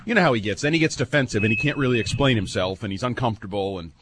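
A man's voice: medium pitch, animated, racing, background noise. A man co-hosting a sports radio show, chatting casually and animatedly, mimicking others and laughing easily.

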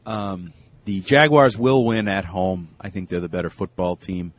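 A man's voice: low voice, fairly even intonation, moderate pace. A man on a sports talk panel who makes picks with blunt verdicts and teases the other panelists. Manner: blunt, teasing, short verdicts. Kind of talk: casual sports panel chat.

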